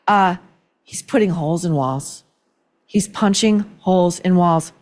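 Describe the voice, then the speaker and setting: A woman's voice: on the low side, measured pace, darkish tone. A woman hosting an opinion commentary show, talking in a sarcastic, indignant, worked-up way. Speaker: podcast host.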